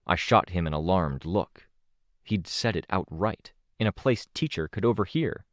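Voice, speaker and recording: A man narrating an audiobook in a steady, measured way, recorded close to the mic. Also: low voice, no room sound. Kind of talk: scripted narration.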